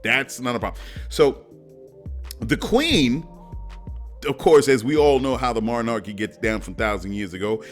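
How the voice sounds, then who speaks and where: Male solo podcast host, mid-pitched voice with lively swings, casual and slangy, faint music underneath. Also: moderate pace, pauses often. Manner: loose, animated, riffing with slangy asides.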